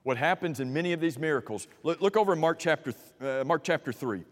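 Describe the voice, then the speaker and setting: A man preaching a sermon in an animated, dramatic way, his fairly high voice climbing to emphatic peaks and then sinking into quiet asides. A long hall reverb trails behind him, as in a church sanctuary. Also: fast talker.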